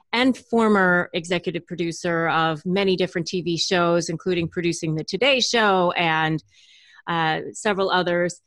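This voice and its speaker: Podcast host lady, lowish voice, dry close mic, friendly, says um a lot. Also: a bit bright, no room sound. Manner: friendly, enthusiastic, hesitant with fillers. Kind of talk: podcast interview.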